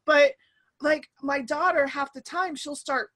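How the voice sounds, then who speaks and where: A woman in her thirties hosting a casual chat over an online call, animated and laughing, often acting out quoted voices. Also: high voice, takes it slowly. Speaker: podcast host.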